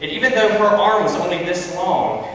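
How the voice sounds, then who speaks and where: A man's voice: high-pitched, lively intonation, normal speed, a bit bright, slight background noise. A man giving a conversational, story-driven Bible talk to children at a church. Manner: storytelling, conversational, addresses kids. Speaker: youth speaker. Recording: echoey hall, far from mic.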